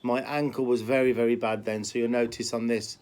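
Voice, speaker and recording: Brummie horse trainer, man, mid-pitched, rambling, casual. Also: flat delivery, a little fast, a little mellow, smooth. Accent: Birmingham (Brummie), softened. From Birmingham, England. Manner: rambling, repeats words, many fillers. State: limping. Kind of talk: casual talk to camera.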